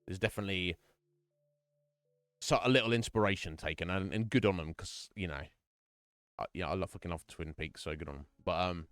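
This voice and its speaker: A man's voice: fairly low pitch, very animated, moderate pace, long pauses, a bit bright, clean tone, no echo, clean studio sound, faint music behind. A man streaming live, casually recapping a horror game's story in a rambling, swear-heavy way and laughing often. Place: home streaming setup.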